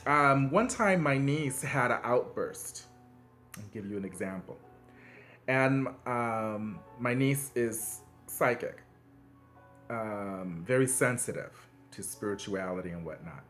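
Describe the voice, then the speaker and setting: Man, mid-pitched, earnest conversational advice host, many fillers, soft music underneath. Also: lively intonation, slow. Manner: conversational, frequent fillers and restarts; earnest and encouraging, emphatic swings in pitch. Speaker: video host giving parenting advice. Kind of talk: casual advice monologue.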